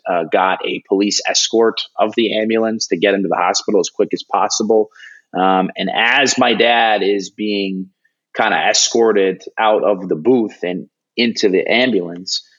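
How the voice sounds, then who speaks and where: Earnest low-voiced man telling a story. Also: highs cut off. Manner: animated storytelling, acting out quoted lines; earnest, with many restarts and fillers. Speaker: hockey broadcast analyst. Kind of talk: storytelling in an interview.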